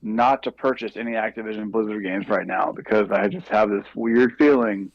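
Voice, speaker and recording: A man on a gaming podcast panel, talking casually with many pauses and fillers. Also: lowish voice. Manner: hesitant, many fillers and throat clearing. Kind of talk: casual chat. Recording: dull lo-fi mic.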